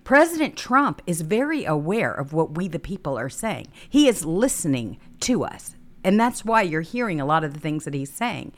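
A woman's voice: lowish voice, very animated, moderate pace, hardly any pauses. A woman hosting a political talk show, speaking in an emphatic, preachy way.

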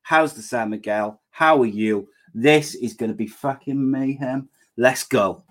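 A man's voice: mid-range voice, unhurried, fairly bright tone. A man with a Welsh accent hosting a podcast, rambling and joking playfully. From Wales. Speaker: podcast host.

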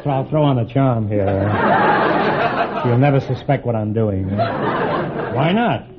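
A man hosting a radio quiz show, teasing his contestants with quick quips and a habit of tacking "huh?" onto his jokes. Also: medium pitch, very noisy. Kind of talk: wisecracking quiz show banter. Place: radio studio before a live audience. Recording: dull old broadcast with loud audience.

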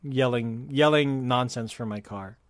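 A man's voice: mid-range voice, a little slow, no room sound, studio quality. A man from California chatting casually on a podcast, rambling with fillers and restarts. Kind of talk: casual chat.

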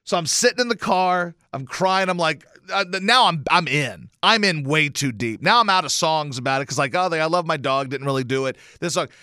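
Animated, swearing male radio host. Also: on the high side, brisk, hardly any pauses, no echo, studio quality. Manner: animated, profane, bursts into loud exclamations. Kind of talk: casual storytelling talk. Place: radio station studio.

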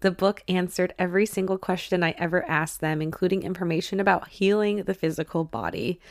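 A woman hosting a spiritual podcast, reading listener stories aloud and chatting warmly and emotionally, laughing often. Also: lowish voice, fairly quick, creaky, dry recording, clean studio sound. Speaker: podcast host.

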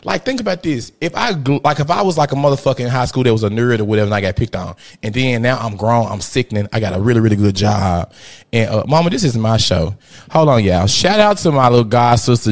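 A man, a podcast host telling a rowdy, profane story in casual chat, jumping between loud outbursts and muttered asides. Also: fairly low pitch. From Memphis, USA. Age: 30s.

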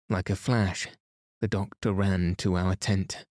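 A man narrating a bedtime story for a sleep podcast in a soft, calm, steady manner. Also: deep voice, slow, dry recording, studio quality.

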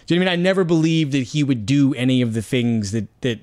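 Animated man musing in halting restarts. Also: medium pitch. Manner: animated, searching for words with many restarts. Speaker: guest film critic. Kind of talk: casual podcast chat.

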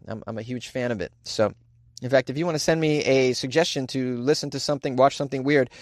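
A man's voice: mid-range voice, dry recording, clean studio sound. A middle-aged man with a Boston accent hosting a comedic news podcast, joking and ranting sarcastically, recorded in a small closet. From Boston, USA. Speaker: podcast host.

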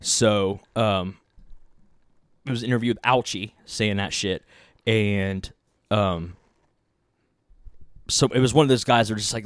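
A man's voice: lowish voice, measured pace, pauses often, dry recording, clean studio sound. A man co-hosting a casual chat, ranting with heat, swearing a lot and restarting his sentences. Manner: rambling, heated, swears a lot, many restarts.

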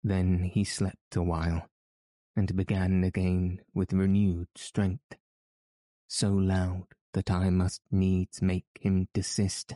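A deep-voiced man narrates a scripted audiobook with calm, measured evenness, recorded with no echo.

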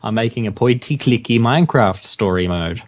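A man's voice: mid-range voice, animated, moderate pace. A man co-hosting a podcast in casual chat, sarcastic and giggly, with the odd swear word. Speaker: podcast co-host.

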